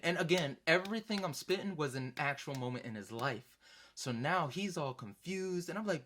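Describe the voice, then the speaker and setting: A young man telling a concert story in a loose, animated way, swearing now and then and acting out the voices of the people in it. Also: on the high side, normal speed. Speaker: vlogger. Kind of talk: casual storytelling.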